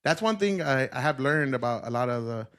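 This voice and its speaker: A man's voice: mid-range voice, animated, a bit bright. A man co-hosting a podcast in casual chat, telling crude jokes with lots of laughter and restarts. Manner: crude, joking banter, laughs often; quick, rambling talk with many restarts. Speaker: podcast co-host.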